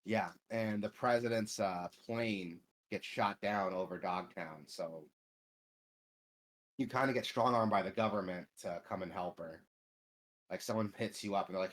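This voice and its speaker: A man's voice: fairly low pitch, moderate pace. A man hosting a gaming podcast, chatting casually in a profane, rambling way full of filler words. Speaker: podcast host.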